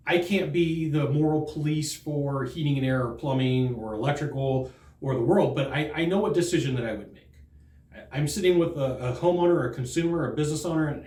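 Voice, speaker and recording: A man's voice: fairly high pitch, a little mellow, echoey room. A man talking earnestly and conversationally as a sales trainer, often restarting and repeating words as he makes his points. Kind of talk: direct-to-camera training talk.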